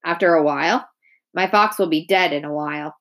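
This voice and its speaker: A woman's voice: low-pitched, fairly quick, natural voice. A woman reading aloud voices a tearful, frustrated young boy who talks back defensively.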